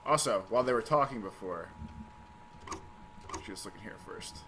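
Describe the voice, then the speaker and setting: A man's voice: fairly low pitch, animated, moderate pace, noisy background. A man hosting a let's play, giving casual gameplay commentary with joking, offhand asides.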